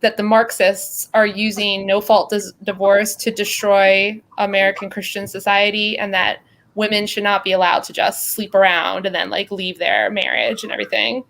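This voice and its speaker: A woman's voice: mid-range voice, flat delivery, normal speed, creaky, fairly bright tone. A woman hosting a livestream panel, chatting casually and rambling with lots of fillers over a remote call mic. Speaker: host.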